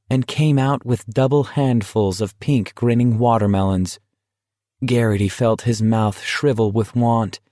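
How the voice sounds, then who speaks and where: A man's voice: fairly low pitch, darkish tone, no room sound. Man narrating an audiobook, dry studio sound. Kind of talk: scripted narration.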